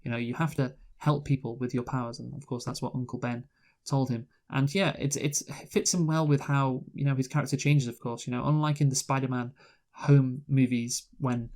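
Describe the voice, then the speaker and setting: A man's voice: mid-range voice, fairly even intonation, fairly quick, darkish tone. A man co-hosting a casual movie review chat, rambling with lots of fillers and restarts. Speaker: podcast co-host, movie reviewer.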